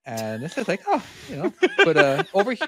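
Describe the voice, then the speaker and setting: A man's voice: fairly high pitch, wildly swooping pitch, brisk. A man with an Irish accent, co-hosting a podcast in casual chat, rambling and starting his sentences over. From Ireland. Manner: rambling, restarts often, chuckles easily. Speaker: podcast co-host.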